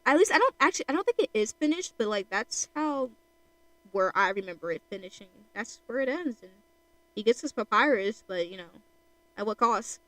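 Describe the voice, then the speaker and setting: A woman's voice: a little high, animated, brisk, bright, forceful tone, dry recording, poor audio. A woman streamer chatting casually while she draws, rambling with lots of fillers.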